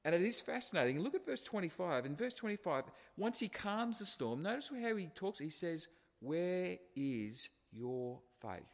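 A man's voice: high-pitched, sing-song, a little fast, few pauses. A man preaching a sermon to a congregation in a conversational way, with rhetorical questions and restarts. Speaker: pastor. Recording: long hall reverb.

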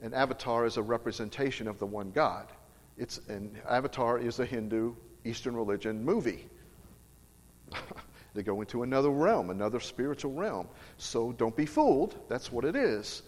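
A man's voice: mid-range voice, expressive, moderate pace. A middle-aged man preaching, telling a personal story in an emphatic, earnest way. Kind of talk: storytelling sermon. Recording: long reverb of a large hall.

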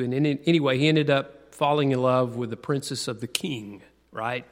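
A man giving a conversational sermon, asking the audience questions and slowing down to lean on key words. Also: mid-range voice, a bit bright. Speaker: preacher. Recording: long reverb of a large hall.

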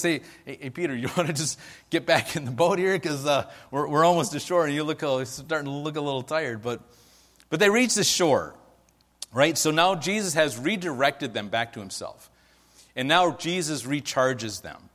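A man preaching a casual, conversational sermon, telling a story with lively acted-out quotes and frequent "right?" asides. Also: mid-range voice. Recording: long hall reverb.

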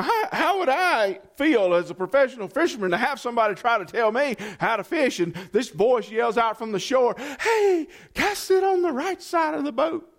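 A man preaching a sermon in a folksy, animated way, with many fillers. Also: high-pitched. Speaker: guest pastor.

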